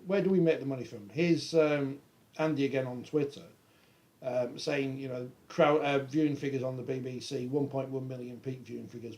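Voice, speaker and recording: A man's voice: medium pitch, fairly even intonation, moderate pace, a little mellow. An English man co-hosting a rugby league podcast, chatting casually and reading out viewer comments. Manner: reads viewer comments aloud, conversational. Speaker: podcast co-host. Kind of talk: casual panel chat.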